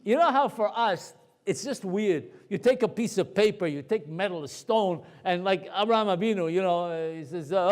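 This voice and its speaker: Animated storytelling rabbi, fairly high voice. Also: male voice, normal speed, hardly any pauses. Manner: animated, anecdotal, with asides and repeated words. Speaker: rabbi and lecturer. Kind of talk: storytelling talk to an audience.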